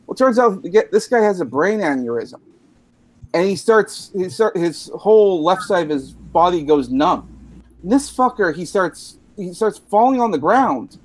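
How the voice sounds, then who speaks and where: A man's voice: high-pitched, lively intonation, measured pace. A drunk Canadian man rambling through a profane story on a casual podcast, laughing at himself as he goes. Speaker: podcast host.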